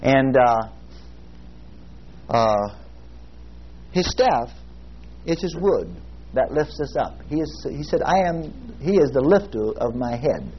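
Lively folksy preacher, muffled recording. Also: male voice, mid-range voice. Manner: folksy storytelling preaching, drawn-out emphasis on scripture. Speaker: pastor. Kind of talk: sermon. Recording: muffled lo-fi recording with faint hiss.

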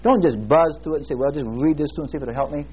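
A male pastor preaching a sermon in a folksy storytelling way, slowing down to stress scripture word by word. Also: a little high, slightly rough. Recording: muffled lo-fi recording with faint hiss.

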